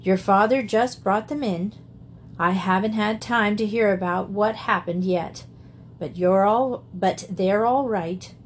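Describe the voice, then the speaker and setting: A woman's voice: medium pitch, measured pace, a little hiss or hum, natural voice. A woman voicing a kindly older farm aunt who speaks soberly and unsteadily. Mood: shaken.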